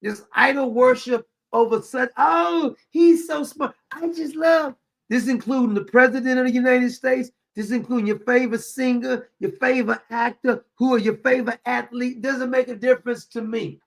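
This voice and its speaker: Brief: high-pitched gravelly male host, animated mocking commentary. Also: fairly quick, hardly any pauses. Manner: animated, mocking, reads a statement aloud with asides. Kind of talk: commentary on a news story.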